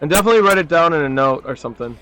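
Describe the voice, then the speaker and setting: A man's voice: a little high, expressive, racing, bright, forceful tone, dry recording. A young man acting as game master, laid-back and laughing often as he runs a tabletop game.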